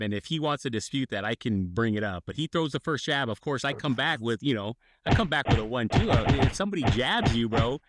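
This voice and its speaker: A man's voice: medium pitch, a bit bright, dry recording. Rambling male podcast storyteller, dry sound. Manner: rambling storyteller, acts out quotes. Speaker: podcast co-host. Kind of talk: casual chat.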